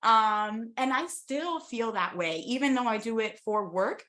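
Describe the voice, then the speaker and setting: A young adult woman from the United States telling travel stories as an interview guest, animated and enthusiastic, with many quick asides. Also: on the high side. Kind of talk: casual storytelling in an interview.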